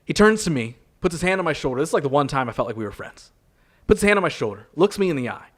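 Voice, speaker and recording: A man's voice: fairly high pitch, sing-song, racing, fairly bright tone. A man improvising a bitter man who claims he invented famous cartoon characters, telling his story in a rambling, indignant, crude way. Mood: confiding. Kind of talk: improv comedy role-play.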